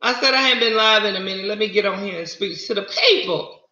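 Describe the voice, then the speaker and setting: A chatty Southern woman hosting a livestream, folksy and warm with her viewers in a casual way. Her voice is very bright and forceful, caught in a roomy space with a slightly dull, lo-fi tone. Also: medium pitch, quick pace. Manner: chatty, folksy, calls viewers honey and y'all. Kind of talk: casual live-stream chat.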